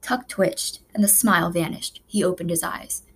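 A woman reading a children's novel aloud as a narrator, with measured, expressive storytelling. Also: lowish voice, breathy edge. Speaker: audiobook narrator. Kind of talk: scripted narration.

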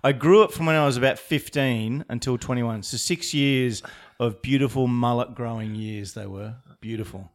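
Playful podcast host. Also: male voice, medium pitch, moderate pace, hardly any pauses. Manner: playful, jokey, reads numbers aloud. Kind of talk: casual chat.

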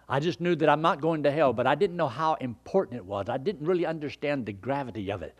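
An older man preaching a sermon and telling his own conversion story in an earnest, folksy way, swinging from loud emphasis down to hushed near-whispers. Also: a little high, expressive, quick pace, few pauses. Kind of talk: sermon with personal testimony.

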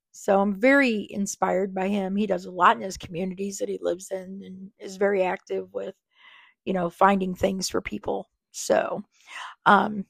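Creaky-voiced woman hosting a chatty podcast. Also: medium pitch, dry recording, clean studio sound. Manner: chatty and rambling, with many fillers and asides. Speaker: podcast host. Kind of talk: casual podcast chat. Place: small crowded office. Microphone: small microphone.

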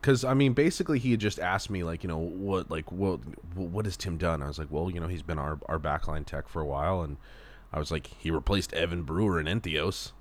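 Host, male, very low voice, relaxed storyteller who swears casually. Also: brisk, slight background noise. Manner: loose, laughing storyteller with frequent swearing. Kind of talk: casual chat.

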